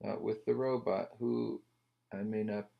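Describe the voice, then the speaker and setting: A man talks through a comic book review in loose, casual chat, wandering off into wry jokes and asides. His voice sits somewhat low. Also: steady tone, a little slow, vocal fry, highs cut off. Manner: wry, rambling, joking asides.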